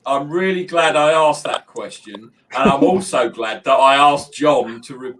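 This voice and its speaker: A man hosting a casual sports talk show, with a relaxed, drawn-out delivery. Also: on the high side, a little hiss or hum. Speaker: host. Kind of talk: casual chat.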